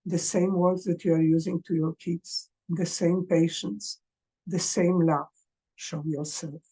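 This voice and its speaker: A woman coaching parents in a gentle, earnest advice talk, speaking English as a second language. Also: lowish voice, little pitch movement, slow, husky.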